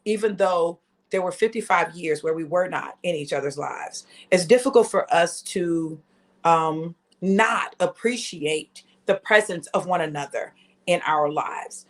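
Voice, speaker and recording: Her voice on the low side and her delivery a little slow, a fifties-aged woman hosts a live stream. Animated and chatty, she recounts a family story while talking right to her viewers.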